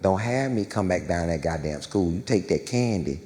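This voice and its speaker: A male comedian playing his brash, profane, streetwise middle-aged father, who talks in loud slang and cusses. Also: low-pitched, expressive, normal speed, big-room sound, pitched below the performer's own voice. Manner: loud, cussing, slangy, swaggering.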